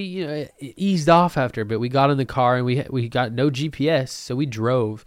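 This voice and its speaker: A young man talks to himself at his desk for a solo podcast, rambling from one thought to the next and joking about himself. His voice sits in an ordinary middle range, and it jumps between loud bursts and low mutters. The sound is dry and close, with hardly any room around it. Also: moderate pace, few pauses, clear, resonant tone, no echo. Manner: rambling, joking and self-mocking, with sudden loud bursts and mumbled asides. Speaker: podcast host. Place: at a desk at home.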